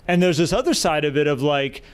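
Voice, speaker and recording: A reflective man co-hosting a live podcast conversation. His voice is smooth and resonant and sits a touch high for a man. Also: lively intonation, brisk. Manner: reflective, talks about being a parent. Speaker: podcast co-host.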